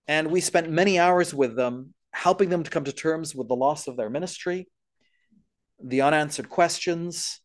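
Earnest man giving a church talk. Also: on the high side. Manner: earnest, explanatory, lists points. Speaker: speaker on missionary care.

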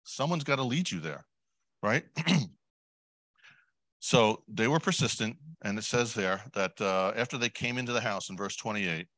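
A man preaching a sermon in a conversational way, putting questions to the congregation, adding asides and clearing his throat often. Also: lowish voice, animated, moderate pace, fairly bright tone, no echo. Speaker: lay preacher.

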